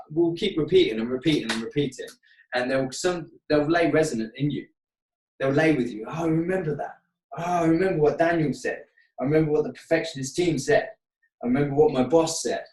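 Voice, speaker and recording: A man's voice: on the low side, a little mellow. A middle-aged man teaching haircutting in a live webinar demonstration, chatty and earnest, rambling as he mentors. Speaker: hairdressing educator. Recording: roomy sound, far from the mic.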